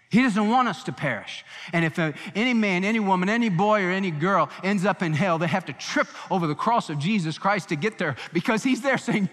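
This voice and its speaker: Male pastor, high-pitched, fervent pulpit delivery, reverb of a church hall. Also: a bit bright. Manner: impassioned preaching, voicing quotes with emphasis. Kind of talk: sermon.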